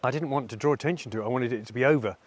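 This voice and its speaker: Candid, halting middle-aged man. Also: medium pitch. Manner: halting, candid and self-reflective. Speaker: vlogger. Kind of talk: personal reflective monologue.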